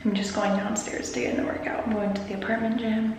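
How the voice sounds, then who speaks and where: A woman's voice: a little high, little pitch movement, quick pace, a little hiss or hum. A young woman vlogger talking casually through her day, chatty and saying "y'all" often. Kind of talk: casual vlog chat.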